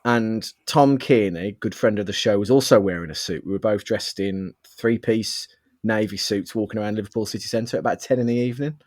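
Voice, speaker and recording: Animated storytelling man, dry sound. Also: lowish voice, fairly quick, dry recording. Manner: animated storyteller, laughs a lot. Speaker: podcast co-host. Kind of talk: casual chat. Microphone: webcam.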